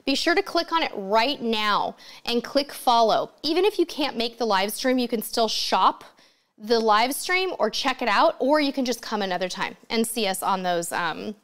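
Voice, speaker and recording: Reading viewer questions aloud, a woman answers them with chatty enthusiasm during a casual home livestream. She speaks at a normal speed with a fairly high, fairly bright voice and lively intonation.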